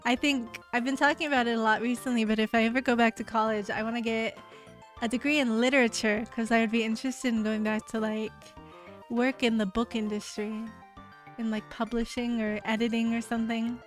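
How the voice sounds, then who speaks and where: A woman's voice: a little high, flat delivery, fairly quick. A young woman streaming live, chatting casually with her viewers, reading their messages aloud and laughing often, with lots of "like" fillers. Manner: heavy use of "like" fillers. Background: faint background music.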